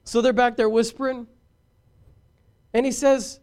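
A man preaching a sermon as pastor, swinging from shouted points to hushed asides and talking directly to his congregation. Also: extremely high pitch, moderate pace, clear, resonant tone.

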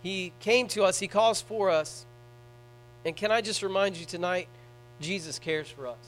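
A man preaching a sermon in a church, swinging between hushed, tender passages and loud, fervent ones. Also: sits high, normal speed, a little hiss or hum, low-quality recording. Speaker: pastor.

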